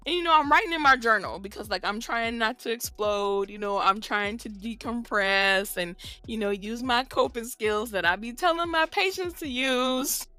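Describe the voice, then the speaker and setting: A woman's voice: on the high side, moderate pace, few pauses, pushed and bright, clean tone, no echo, faint music behind. A middle-aged woman co-hosting a podcast, telling a long story in casual, profane chat. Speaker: podcast co-host.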